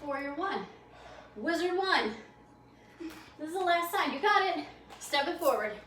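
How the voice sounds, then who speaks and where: A woman teaching yoga in a library program room speaks in a high, slightly bright voice with lively intonation, giving quick and encouraging cues while a bit breathless. The recording is distant and echoey, with a faint hum of noise.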